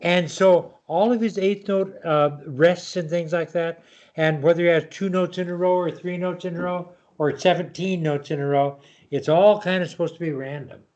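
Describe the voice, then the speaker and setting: A man's voice: high voice, fairly even intonation, normal speed, darkish tone, highs cut off. An older man giving a patient online piano lesson, explaining rhythm and counting aloud. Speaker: piano teacher.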